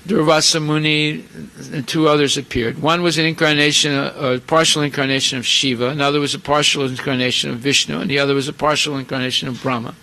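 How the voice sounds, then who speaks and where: Man, preacher, storytelling sermon, animated, bright tone, slightly high voice. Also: quick pace, low-quality recording. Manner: animated, acts out voices, asides to audience.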